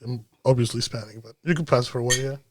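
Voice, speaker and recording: A man's voice: mid-range voice, steady tone, fast, background noise. A man co-hosting a casual podcast, with a laid-back, teasing way of talking. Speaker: podcast co-host. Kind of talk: casual chat.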